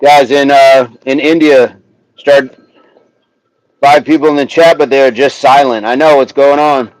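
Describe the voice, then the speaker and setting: Slow-talking man chatting on a livestream. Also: medium pitch, steady tone, dry recording, poor audio. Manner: chatty, reads chat aloud, sounds out words slowly. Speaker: livestream host. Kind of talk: casual livestream chat. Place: outdoors, windy, a tree behind him.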